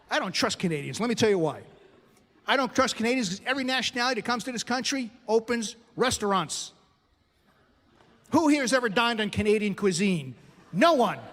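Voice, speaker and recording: Middle-aged man doing stand-up, high voice. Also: fairly bright tone, big-room sound. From United States. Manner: punchy joke delivery with crowd asides. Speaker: stand-up comedian. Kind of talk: stand-up comedy set. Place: comedy club stage.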